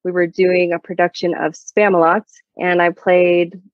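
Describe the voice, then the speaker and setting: A woman's voice: lowish voice, flat delivery, measured pace. A young woman, a guest singer-songwriter, telling a story in a casual interview with a chatty manner and many fillers. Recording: dull lo-fi dry sound.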